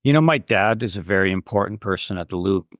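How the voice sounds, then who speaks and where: A man at a tabletop game speaks in character with a defiant, cocky edge. His voice is lowish and recorded close and dry. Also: animated, quick pace, fairly bright tone, no room sound. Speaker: player.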